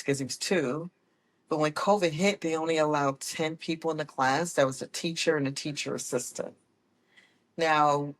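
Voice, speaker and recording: Woman telling her story with self-corrections. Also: low-pitched. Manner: animated, acts out quoted people with voice changes; laughs often, corrects herself mid-sentence. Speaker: guest, autism mom. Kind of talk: casual personal storytelling.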